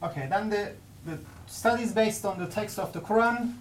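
A woman giving a conference paper presentation, speaking haltingly with many restarts and fillers. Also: mid-range voice, a little hiss or hum. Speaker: academic presenter.

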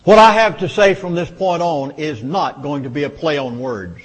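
A man's voice: on the high side, moderate pace. A man with a Southern US accent gives an urgent, emphatic speech to a public meeting, lecturing his listeners. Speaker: public speaker. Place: meeting hall with audience. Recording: long hall reverb.

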